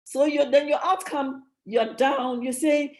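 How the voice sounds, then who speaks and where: A woman teaches a leadership session at a church in a mellow, warm voice. She speaks emphatically, hammers home key phrases by repeating them, and often restarts mid-sentence. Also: sits high, fairly even intonation, a little slow. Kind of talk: motivational teaching talk.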